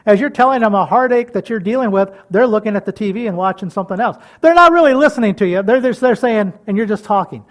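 An older man preaching in a folksy, homey manner, with a fairly high voice. He chuckles often and drops from ringing calls to near whispers. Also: lively intonation, fast, hardly any pauses. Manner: swings between loud calls and soft whispers. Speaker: pastor. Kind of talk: sermon.

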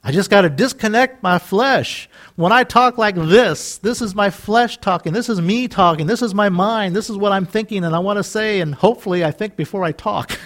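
Casting: male preacher, high voice, animated delivery, plays out dialogue mid-sermon. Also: moderate pace, hardly any pauses. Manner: animated, acts out quoted voices, laughs often. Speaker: pastor.

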